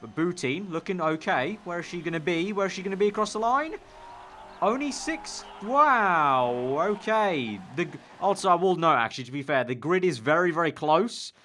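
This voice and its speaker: A young man with a Northern English accent, giving casual game commentary in a chatty way, thinking aloud with excitable bursts. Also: a little high, fast talker, few pauses, slight background noise. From Northern England. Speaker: gaming YouTuber.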